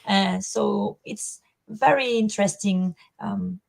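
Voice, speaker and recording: A woman's voice: medium pitch, slow, vocal fry. Hesitant Spanish-speaking woman on a podcast. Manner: thoughtful, hesitant with fillers and self-corrections. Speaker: co-host and language school staff. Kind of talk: casual podcast chat.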